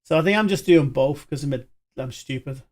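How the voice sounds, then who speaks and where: A man streams a video game live, rambling in a chatty way and addressing viewers in his chat. His voice is fairly high-pitched and his pace fairly quick.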